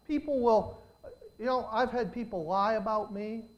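A high-pitched man preaches from the pulpit, his voice climbing and swelling on key words before falling to quiet asides. He leans on phrases, slows down to stress them and talks straight to his congregation. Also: lo-fi sound. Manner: preaching with surges of volume and drawn-out emphasis. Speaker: pastor. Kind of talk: sermon.

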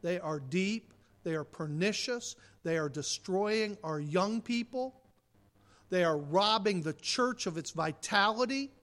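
High, bright-voiced preacher. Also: male voice, animated, measured pace. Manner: impassioned, swings from loud emphasis to quiet intensity; direct questions to the congregation. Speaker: pastor. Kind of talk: sermon.

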